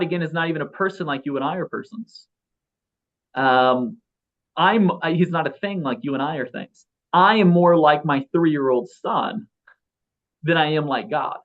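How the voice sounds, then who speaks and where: A man's voice: fairly high pitch, a bit bright. A man in his thirties, a philosopher guest in a casual interview, talking in a rambling way with many restarts and fillers. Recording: slightly dull lo-fi audio.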